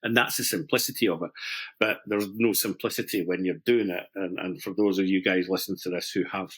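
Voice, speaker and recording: Middle-aged man, lowish voice, chatty, self-deprecating, halting restarts, craft explainer. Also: fairly even intonation, a bit bright, husky. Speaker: master stone setter, podcast guest. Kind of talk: explaining a craft technique in conversation.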